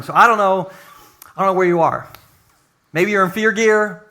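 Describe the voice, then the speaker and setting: A male pastor preaches to his church, his voice bright and a little high for a man. He moves between loud calls and soft, hushed lines. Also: normal speed. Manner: shifts from loud preaching to hushed near-whisper. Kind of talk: sermon. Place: church sanctuary.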